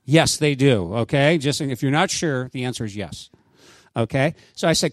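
A man preaching a sermon as pastor, in a conversational, animated way with asides to his congregation. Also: medium pitch, moderate pace, no echo.

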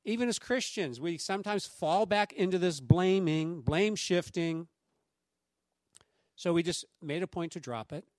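Conversational pastor with a dry close sound. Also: male voice, sits high, unhurried, no room sound. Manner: conversational and anecdotal, with asides to the congregation; acts out quoted voices in lively raised tones. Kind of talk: sermon.

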